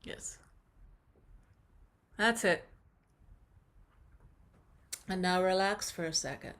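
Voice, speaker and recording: A woman teaching a vocal warm-up over a video call, coaching in an encouraging way and singing short demonstration phrases. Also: lowish voice, very slow, creaky. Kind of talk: online vocal warm-up lesson.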